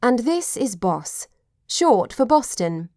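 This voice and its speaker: A woman doing a lively young lady. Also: a little high, takes it slowly, no echo, studio quality, voice pushed up. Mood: eager. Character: young lady returning home, warm and lively.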